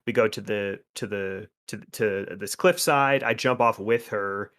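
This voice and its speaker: A man's voice: fairly low pitch, a little slow, fairly bright tone. Matter-of-fact young man recounting. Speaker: podcast co-host. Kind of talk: casual chat.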